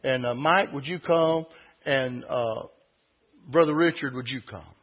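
A man's voice: mid-range voice, measured pace, breathy edge. A man preaching a sermon in church, folksy and emphatic, full of rhetorical questions. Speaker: pastor. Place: church sanctuary. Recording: dull lo-fi recording.

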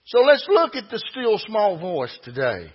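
A man's voice: sits high, wildly swooping pitch, a little slow, slightly rough. A man preaching a sermon in church, folksy and emphatic, full of rhetorical questions. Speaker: pastor. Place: church sanctuary. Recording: dull lo-fi recording.

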